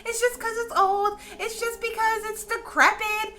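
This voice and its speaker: Teasing siblings , put on by a woman in a squeaky, high sing-song voice. They sound dismissive and mocking, each phrase lilting up and down. The tone is bright and sharp. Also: little pitch movement, moderate pace.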